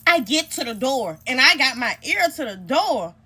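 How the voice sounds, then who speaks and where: A woman's voice: high-pitched, big pitch swings, normal speed, sharp tone, breathy edge. A woman telling a heated, profane story to her viewers in a storytime vlog, recorded on a phone.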